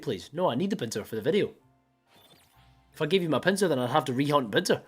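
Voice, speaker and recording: Animated man streaming a game. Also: on the high side, quick pace, long pauses, breathy edge, faint music behind. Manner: animated, mock-mopey, chatting with viewers. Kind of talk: casual live-stream chat.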